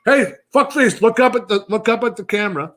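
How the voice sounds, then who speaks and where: A man in his thirties co-hosting a podcast, ranting loudly with constant swearing and mock outrage. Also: very high-pitched, fairly quick. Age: 30s. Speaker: podcast co-host. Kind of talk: profane comedic rant.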